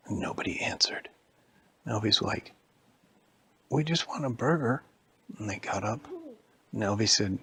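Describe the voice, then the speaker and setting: A man telling a made-up spooky story to a child, switching into high squeaky voices for characters and dropping to a whisper at scary moments. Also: normal speed, pauses often, fairly bright tone, slightly rough, no echo. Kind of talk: improvised bedtime-style story for a child.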